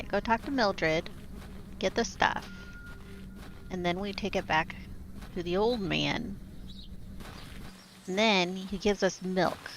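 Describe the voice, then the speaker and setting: Slow, gravelly woman streaming a game. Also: lowish voice, rough recording. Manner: musing, thinking aloud. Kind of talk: casual let's-play commentary. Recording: faint background noise.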